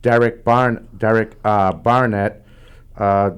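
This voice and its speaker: A man hosting a sports talk interview, friendly and a bit halting, often restarting his sentences as he asks questions. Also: fairly low pitch, fairly even intonation, clear, resonant tone. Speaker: podcast host.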